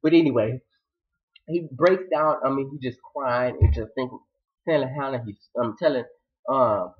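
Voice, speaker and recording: A man giving a casual TV episode recap, with a slangy, animated and dramatic way of telling it. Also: medium pitch, normal speed, husky. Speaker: TV recap vlogger. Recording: slightly dull lo-fi audio.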